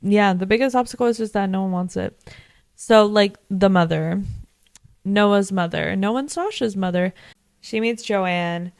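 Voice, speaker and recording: A woman's voice: mid-range voice, a little slow, no room sound. A young woman in her twenties casually recapping a TV episode, chatty and full of fillers, swearing freely. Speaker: vlogger.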